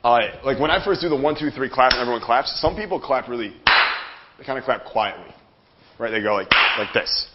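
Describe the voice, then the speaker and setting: A man giving a live motivational seminar talk, energetic and profane, speaking straight to the audience in the room. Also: mid-range voice, brisk, very noisy. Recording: dull lo-fi sound.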